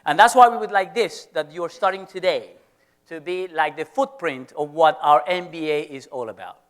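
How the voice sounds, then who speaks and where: A man's voice: on the high side, normal speed, a bit bright, clear, resonant tone. A middle-aged man with a Venezuelan Spanish accent, a business school professor giving a playful, teasing lecture to students in an auditorium.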